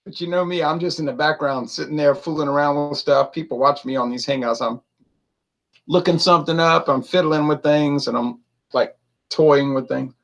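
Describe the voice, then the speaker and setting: Chatty gravelly-voiced man reviewing beer. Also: on the high side, fairly even intonation, normal speed, lo-fi sound. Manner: chatty, laughing, reads out viewer comments. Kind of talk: casual chat to a live-stream audience.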